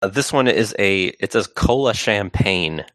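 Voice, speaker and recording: Laid-back podcast cohost guy, low voice, lots of uhs and likes, dry mic. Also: measured pace, dry recording. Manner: relaxed, hesitant, with fillers. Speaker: podcast co-host and writer. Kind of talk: casual chat.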